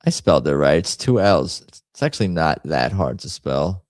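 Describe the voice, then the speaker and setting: A man's voice: rumbling low, big pitch swings, moderate pace, no room sound. A man hosting a casual livestream, rambling and muttering to himself as he types up a poll. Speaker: host.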